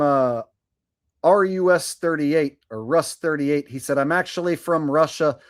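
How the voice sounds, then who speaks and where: A man's voice: a little high, clean tone. A man in his forties hosting a live stream in casual chat, reading out viewer messages. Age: 40s. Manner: chatty, reads viewer messages aloud. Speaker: streamer host.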